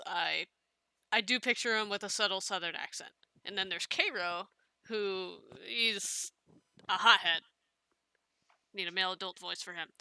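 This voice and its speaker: Chatty woman host, very bright and crisp, casual casting-call read. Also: medium pitch, no echo. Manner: chatty, loose, with small restarts and fillers. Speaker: casting director for a fan comic dub.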